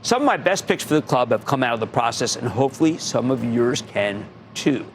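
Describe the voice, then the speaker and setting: A man's voice: medium pitch, lively intonation, brisk, a little hiss or hum. A middle-aged man hosting a stock market show, giving emphatic investing advice and repeating words for punch. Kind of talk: energetic investing advice monologue.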